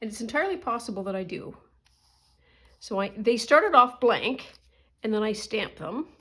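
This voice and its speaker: A woman's voice: a little high, sing-song, moderate pace, bright, forceful tone, husky. A middle-aged woman from Canada, chatting casually in a rambling way full of asides while she works on a craft journal. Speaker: crafting vlogger.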